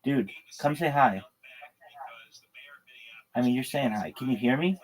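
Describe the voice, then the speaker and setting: A man hosting a casual livestream who greets viewers with loud, hyped, slangy banter. He talks at an unhurried pace, and his voice sits at an ordinary middle pitch. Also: lively intonation, rough recording. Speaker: livestream host.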